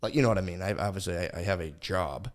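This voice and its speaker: A man's voice: low voice, fast. A man hosting a podcast in casual chat, rambling and self-deprecating, swearing a lot and restarting his sentences often. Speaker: podcast host.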